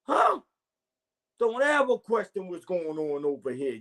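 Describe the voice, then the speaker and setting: A man's voice: high voice, sing-song, unhurried, fairly bright tone. A man hosting his own morning podcast, delivering a profane, confrontational and preachy monologue straight to his listeners, repeating catchphrases as he goes. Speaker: podcast host. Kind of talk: solo morning podcast rant.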